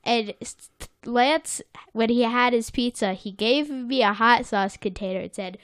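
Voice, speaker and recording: A woman's voice: on the high side, a little slow, no echo. A woman co-hosting a casual chat, retelling a cartoon episode with giggles and whoosh sound effects. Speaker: podcast co-host recapping a cartoon episode.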